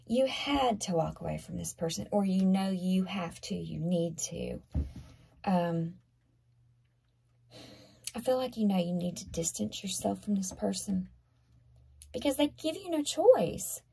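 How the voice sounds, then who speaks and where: A woman speaks slowly through a tarot reading, her low voice gravelly and husky. She talks to the viewer in an earnest, conversational way and often sinks into soft half-whispers. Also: expressive. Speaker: tarot reader.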